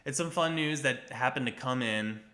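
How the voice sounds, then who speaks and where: A man's voice: mid-range voice, moderate pace, sharp tone. A man co-hosting a casual livestream, chatting easily with his partner and reacting to viewers. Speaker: co-host of a couple's livestream. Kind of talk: casual live chat.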